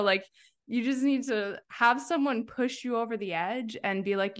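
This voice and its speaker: A woman hosting a podcast, chatting casually and warmly effusive, laughing often and acting out remembered exchanges. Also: on the high side, clear, resonant tone. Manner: effusive, quick to laugh, acts out quoted voices. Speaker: podcast host. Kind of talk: casual chat.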